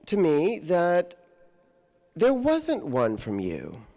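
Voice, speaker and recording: A man putting on a hesitant, polite woman substitute teacher who stammers gently. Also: a little high, huge pitch swings, extremely slow, exaggerated voice.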